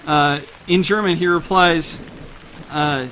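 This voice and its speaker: A man's voice: a little high, normal speed, a bit bright, a little hiss or hum. A man running a tabletop role-playing game as game master, casual and self-deprecating, with lots of fillers. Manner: casual, laughs at himself, many fillers.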